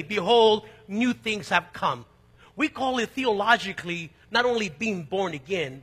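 A pastor from East Los Angeles preaching a sermon, emphatic and rising to loud peaks, with conversational asides and personal stories. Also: male voice, sits high, slightly rough. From East Los Angeles, United States. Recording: long reverb of a large hall.

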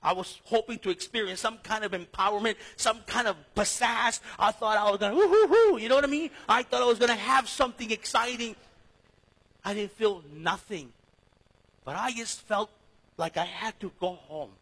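A pastor, preaching a storytelling sermon that swings between loud and hushed. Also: male voice, high-pitched, moderate pace, husky, low-quality recording. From East Los Angeles.

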